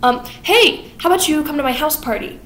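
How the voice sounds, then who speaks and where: A woman's voice: sits high, lively intonation, brisk, fairly bright tone, reverberant, a little hiss or hum, pitched above the performer's own voice. A young woman voicing a sleazy, scheming older man who fakes sympathy in a wheedling way.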